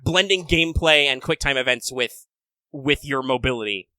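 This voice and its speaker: Casual co-host: a man with a bright, dry-mic voice, animated and profane. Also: medium pitch, no room sound. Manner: animated, swearing, quick impressions. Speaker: podcast co-host. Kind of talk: casual chat.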